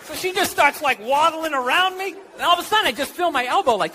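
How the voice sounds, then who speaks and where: High voiced comedian guy ranting on stage, yelling punchlines, noisy club with the crowd cracking up. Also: animated, fast. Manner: ranting, sarcastic, shouting punchlines. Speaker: stand-up comedian. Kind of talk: stand-up comedy routine. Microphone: handheld stage mic. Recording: live stage with loud crowd laughter and noise. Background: audience laughing.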